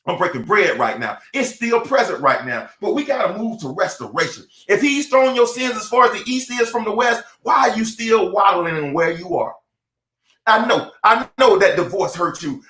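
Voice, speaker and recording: Emphatic male motivational preacher, high voice, roomy echo. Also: a bit bright. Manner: fervent, emphatic, repeats phrases. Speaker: motivational speaker. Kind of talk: preaching-style motivational talk. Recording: echoey room.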